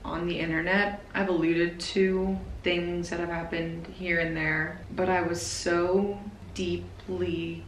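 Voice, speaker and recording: A woman in her twenties talking to camera in a personal vlog, nervous and emotional, speaking haltingly. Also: fairly low pitch, little pitch movement, roomy sound, a little hiss or hum, rough recording. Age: 20s. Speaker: vlogger.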